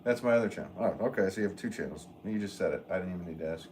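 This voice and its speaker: A man, a potter, chatting casually on a livestream and reading out viewer comments, relaxed and joking, with frequent chuckles. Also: deep voice, rapid-fire, slight background noise. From northwest Connecticut. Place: pottery studio.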